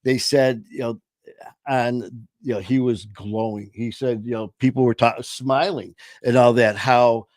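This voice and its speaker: A man's voice: mid-range voice, steady tone, unhurried, darkish tone, no room sound. A middle-aged man telling a long story in a casual chat, rambling with many fillers. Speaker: podcast host and former trainer.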